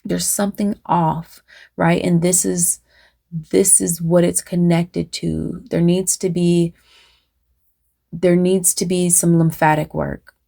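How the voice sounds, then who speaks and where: Slow gravelly woman channeling a message. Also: fairly low pitch, flat delivery, mellow. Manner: slow, meandering, with many fillers and restarts; addresses viewers directly, asks "right?". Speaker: spiritual channeler. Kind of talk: channeled spiritual message, unscripted.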